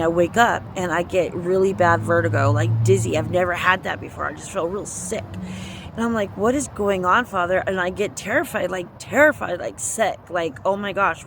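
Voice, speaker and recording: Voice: medium pitch, fairly bright tone, a little hiss or hum. A speaker earnestly telling a personal faith story in a casual, rambling way, often quoting their own thoughts. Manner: earnest, rambling retelling with quoted inner speech. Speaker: storyteller sharing a faith testimony. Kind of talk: casual spoken testimony.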